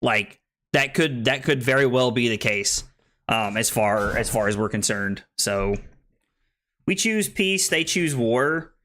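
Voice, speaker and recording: A man's voice: medium pitch, animated, unhurried, a bit bright, a little hiss or hum. A young American man casually commenting on his card game stream, thinking aloud with many restarts. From United States.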